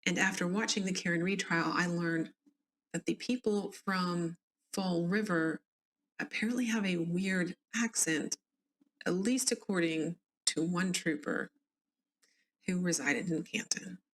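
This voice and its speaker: Southern lady podcast host, chatty true crime commentary, lowish voice, talks right to the listeners. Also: a little slow, a little hiss or hum. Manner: chatty, conversational asides to listeners.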